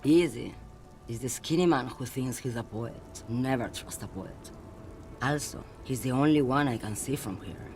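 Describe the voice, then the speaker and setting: A man's voice: mid-range voice, normal speed, darkish tone, soft background music, close to an everyday voice. A man reading as a detached, dreamy woman driver. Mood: aloof.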